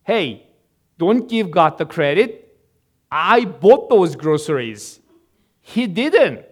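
A man's voice: sits high, sing-song, slow pace, breathy edge, pitched above the performer's own voice, heavily acted. A male pastor voicing a scoffing atheist neighbor in a sermon joke, with a mocking retort. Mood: smug.

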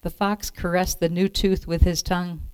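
Lady storyteller reading a kids book, lowish calm voice, dry close sound. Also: moderate pace, clear, resonant tone, no room sound. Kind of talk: reading a children's picture book aloud.

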